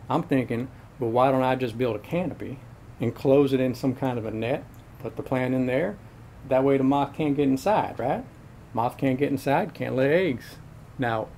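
A man's voice: medium pitch, a little mellow, a little hiss or hum, close to an everyday voice. A middle-aged man playing a crude, folksy handyman who rambles along in profane slang, in a comedic monologue.

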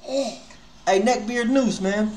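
A man hosting a live music review stream in casual chat. He talks in loose slang with a slight stutter, swinging from low mumbled asides to loud exclamations. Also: slow pace, a little hiss or hum. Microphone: headphones on while streaming.

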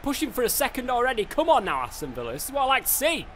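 A young man with an English accent talks through a football video game as he plays it. His voice sits high and swings widely as he gets excited, and he swears and shouts at the game freely. A faint hiss of noise runs under the recording. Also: racing. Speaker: gaming YouTuber. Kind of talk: live gameplay commentary.

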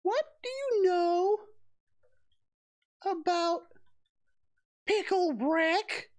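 A man putting on a squeaky, high voice as an eager customer calling out at a sandwich counter, with drawn-out sing-song words. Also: expressive, heavily acted.

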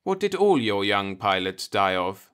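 A man reading the part of a polite, measured male alien in an audiobook, speaking with calm formality. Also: fairly low pitch, smooth. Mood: politely calm.

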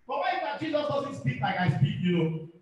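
A man's voice: very high-pitched, very animated, brisk, muffled recording. A man preaching a fervent sermon as pastor, repeating his points and calling for amens. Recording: very echoey hall, far from mic.

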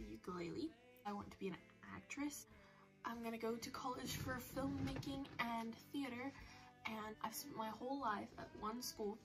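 Teen girl vlogger, chatty and self-mocking, a bit high, phone mic, soft music under. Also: low-quality recording. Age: teens. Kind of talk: casual chat to camera.

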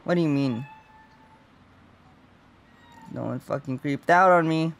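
A young gaming channel host with a fairly high, slow voice and vocal fry plays a horror game for a let's play. He talks nervously to himself, swears constantly and cries out when something startles him.

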